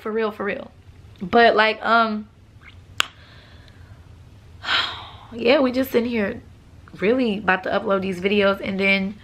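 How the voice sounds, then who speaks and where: Young woman vlogger, relaxed and chatty, slightly rough morning voice. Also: medium pitch. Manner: relaxed, chatty, laughs often. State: morning voice with a cough. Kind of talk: casual vlog talk to viewers.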